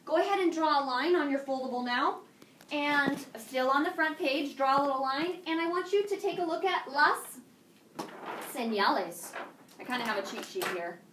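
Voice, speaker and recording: A woman teaching a high school Spanish class, drilling students with call-and-response prompts in English and Spanish. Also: animated, moderate pace, a bit bright. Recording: echoey classroom from far off, faint noise.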